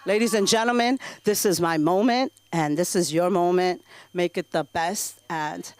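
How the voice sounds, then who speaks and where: A woman doing an open mic stand-up set in a small comedy club, telling brash, profane stories in an animated way. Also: fairly low pitch, normal speed. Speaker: stand-up comic.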